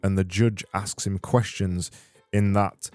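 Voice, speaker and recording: A man's voice: deep voice, steady tone, takes it slowly. A man from Britain hosting a comedic solo podcast, rambling and sardonic as he reads listener messages. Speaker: podcast host.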